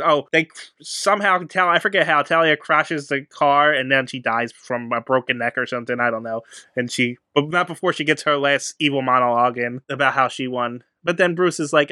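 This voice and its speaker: A man's voice: a little high, fairly quick, bright, forceful tone, smooth, no echo, clean studio sound. A man co-hosting a casual movie podcast, recapping the plot in a joking, dismissive way. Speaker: podcast co-host. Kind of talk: casual movie-review chat.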